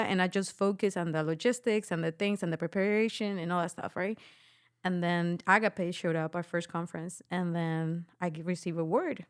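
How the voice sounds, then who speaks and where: A woman's voice: fairly low pitch, normal speed, smooth, no echo, studio quality. A young adult woman giving an emotional personal testimony as a podcast guest, acting out the voices of the people in her story. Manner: animated storytelling, acts out quoted voices.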